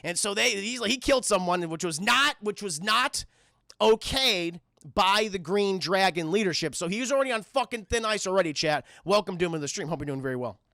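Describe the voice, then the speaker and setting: A man's voice: high voice, lively intonation, brisk, gravelly, pushed and bright, dry recording, clean studio sound. A man recapping a film live for his stream chat, rambling and swearing freely as he goes. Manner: rambling, profane, addresses chat.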